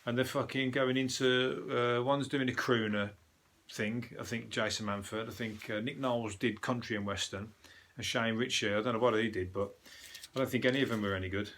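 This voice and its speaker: A man's voice: medium pitch, fairly even intonation, a little fast, fairly bright tone. Sweary Birmingham man ranting. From Birmingham, England. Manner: rambling, sweary and scornful. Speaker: comedian host. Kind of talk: casual comic news review.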